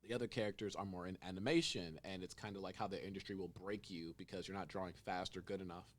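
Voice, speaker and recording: Young male podcast host, low voice, animated storyteller who acts out lines. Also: fast talker. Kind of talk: casual chat.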